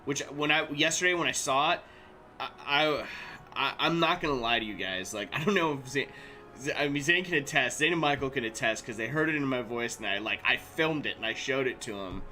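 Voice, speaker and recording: A man's voice: mid-range voice, animated, fairly quick, pushed and bright, soft background music. A man in his thirties hosting a casual crafting livestream, chatty and laughing often as he reads chat aloud.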